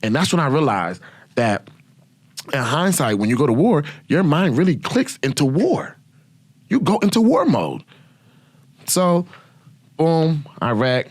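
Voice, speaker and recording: A man in his thirties hosting a podcast, telling stories in a brash, profane, animated way. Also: on the high side, unhurried, pauses often, dry recording. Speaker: podcast host. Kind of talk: casual storytelling.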